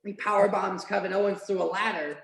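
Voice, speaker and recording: This podcast host's mid-range voice is creaky and brisk, with fairly even intonation. Still, she chats casually and animatedly during the watch-along, filling it with "like" and the odd swear, and the recording has a roomy echo.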